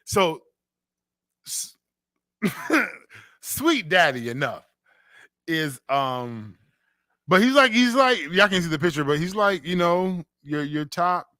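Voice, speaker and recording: A man's voice: sits high, sing-song, takes it slowly, pauses often, sharp tone, no echo. A man from Western New York hosting a casual radio talk show, telling stories animatedly and laughing often. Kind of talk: casual chat.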